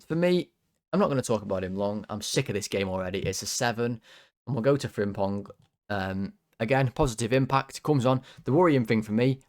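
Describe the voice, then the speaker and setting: A young man hosting a football fan channel, ranting through player ratings, swearing, his voice jumping high when worked up. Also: darkish tone. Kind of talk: player ratings rant to camera.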